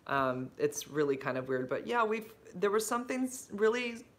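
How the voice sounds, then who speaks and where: A woman's voice: medium pitch, big pitch swings, moderate pace. A middle-aged woman hosting a casual livestream, answering viewer comments in a rambling, chatty way with many fillers and restarts. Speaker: livestream host.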